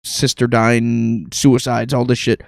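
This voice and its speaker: A man's voice: medium pitch, little pitch movement, takes it slowly, creaky, dry recording, studio quality. A male podcast host talking in blunt, profane casual chat.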